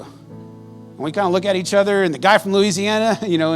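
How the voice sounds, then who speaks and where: A male pastor delivers a sermon in a loose, conversational storytelling manner, often breaking into laughter. His voice sits slightly high for a man. Quiet music runs softly beneath his words. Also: a little fast.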